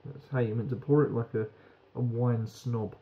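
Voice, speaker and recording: Gravelly British man reviewing beer. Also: mid-range voice, steady tone, moderate pace, highs cut off, background noise. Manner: frank, rambling, swears casually. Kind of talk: casual beer review vlog.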